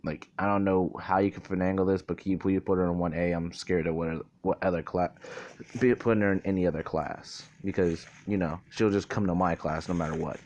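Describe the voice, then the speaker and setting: A man voicing a blunt teenage boy who talks in curt, profane bursts, close to his own low voice. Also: steady tone, a little fast, darkish tone. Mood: pleading.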